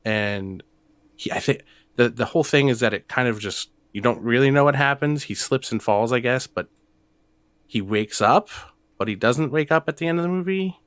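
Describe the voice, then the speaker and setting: A young man co-hosting a casual podcast chat, animated and quick to laugh, retelling films with energy. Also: clear, resonant tone, dry recording. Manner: animated, laughs often, breaks into high squeaky impressions. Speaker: podcast co-host.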